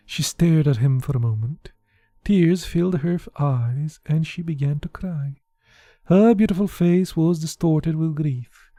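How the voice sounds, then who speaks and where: An audiobook narrator reading a literary novel in a measured, even way. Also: medium pitch, no room sound, faint music behind.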